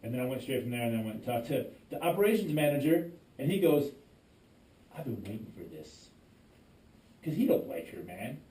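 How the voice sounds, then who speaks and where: A man's voice: medium pitch, quick pace, far from the mic. Man telling a story, roomy sound. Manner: animated storytelling, frequent restarts and quoting himself. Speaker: podcast co-host. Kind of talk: casual podcast chat. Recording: roomy echo, voice away from the mic.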